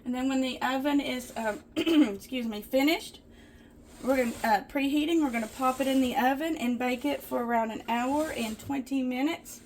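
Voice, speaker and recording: A woman's voice: high voice, normal speed, slight background noise. A woman chatting to viewers while baking in her small home kitchen. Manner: chatty, easily excited, talks to viewers as "guys". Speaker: home cooking vlogger. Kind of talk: casual cooking demonstration.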